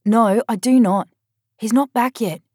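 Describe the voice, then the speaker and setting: A woman reading the part of a blunt older sister on the phone, loud and chiding. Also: a little high, unhurried, slightly rough, dry recording, studio quality, voice pushed up. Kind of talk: audiobook character voice.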